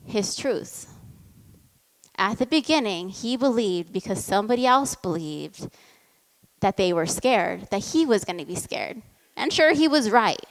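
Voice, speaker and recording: Woman, motivational speaker, lively storyteller, middle pitch, long hall reverb. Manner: lively storytelling, acts out the voices in quotes. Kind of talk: motivational talk with personal story.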